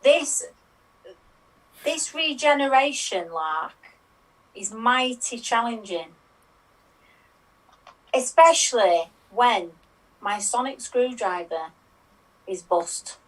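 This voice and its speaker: A woman improvising as an eccentric time-travelling man, speaking slowly and haltingly. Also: fairly high pitch, lively intonation, far from the mic, low-quality recording. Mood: flustered. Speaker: improv performer.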